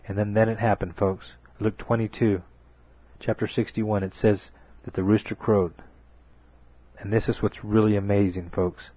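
Husky low-voiced man preaching a sermon. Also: steady tone, normal speed, no echo. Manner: repeats "folks", builds to emphatic peaks. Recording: dull lo-fi recording with faint music.

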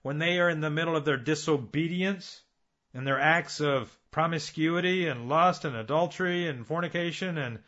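A man's voice: a little high, a bit bright, dull audio. A man preaching a sermon, earnest and building his points with repeated phrases and rhetorical questions.

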